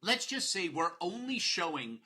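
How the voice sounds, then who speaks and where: A man's voice: high voice, very animated, unhurried, sharp tone, slightly rough. Emphatic, joking man teaching a lecture. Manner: playful, joking asides between explanations; emphatic, repeats key rules. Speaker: exam prep instructor. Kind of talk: recorded video lecture.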